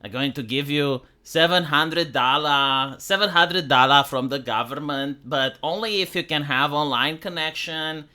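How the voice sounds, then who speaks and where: A man doing a sarcastic impression of a pandering woman politician, slow and halting with put-on accents. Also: high-pitched, expressive, gravelly, sharp tone, exaggerated voice. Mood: smug.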